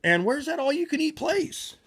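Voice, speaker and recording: A man putting on a lanky, cowardly young cartoon slacker, always thinking about food. The voice sits high and wobbly, stammering and saying "like", jumping all over in pitch. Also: sing-song, normal speed, fairly bright tone, full character voice. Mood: goofy. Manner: stammering, says "like" a lot.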